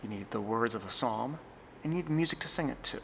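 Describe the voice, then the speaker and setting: A young man, a church music director, giving an earnest, scripted tutorial, sometimes slowing to a careful, deliberate reading pace. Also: mid-range voice, lively intonation, gravelly, a bit bright, slight background noise. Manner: measured, earnest, reads slowly and deliberately in demonstrations. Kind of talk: scripted instructional talk.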